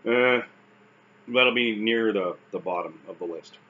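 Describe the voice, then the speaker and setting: A vlogger recounting his stroke recovery talks casually to camera in a Canadian accent, his voice on the low side and his pace measured. He's wry and self-deprecating, with frequent fillers and restarts. The audio is narrow and tinny, with a little hiss or hum.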